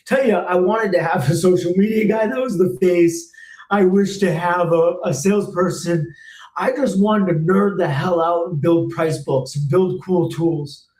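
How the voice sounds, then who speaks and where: A man's voice: sits high, a little mellow. Man, thirties, former technician, blunt, fired up, cursing, roomy echo. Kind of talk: live Q&A rant.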